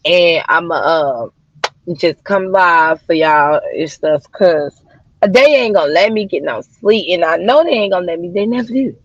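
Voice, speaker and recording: A woman's voice: lowish voice, animated, normal speed, no room sound. A woman talks loosely on her livestream, cussing freely and calling her viewers y'all and child. Her voice is dry and close, with a slightly dull, lo-fi sound. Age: adult mother of daughters. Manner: chatty, swearing, addressing viewers as y'all and child. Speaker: livestream host. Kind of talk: casual livestream chat.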